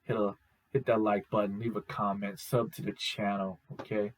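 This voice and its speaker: A young man hosting a casual video review. He talks excitably, repeats himself and uses slang. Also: fairly low pitch, moderate pace, poor audio. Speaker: host, reviewer. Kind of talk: casual enthusiastic show review.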